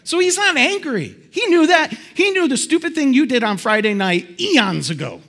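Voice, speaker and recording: A pastor preaching a sermon to his congregation in a lively, conversational way. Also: moderate pace. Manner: animated, conversational preaching with big swings in pitch. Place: church hall before a congregation.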